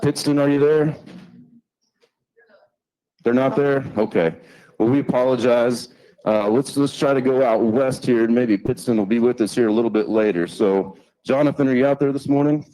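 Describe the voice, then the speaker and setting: Man, meeting host, mellow tone, friendly conversational delivery. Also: mid-range voice, normal speed, rough recording. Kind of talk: live company meeting hosting.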